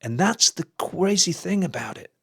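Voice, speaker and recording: A man's voice: high-pitched, lively intonation, normal speed, creaky, a bit bright, husky. Rambling English man from the northeast. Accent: Geordie English. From England. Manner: rambling, digressive storyteller, laughs often. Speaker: guest musician. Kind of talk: casual interview chat.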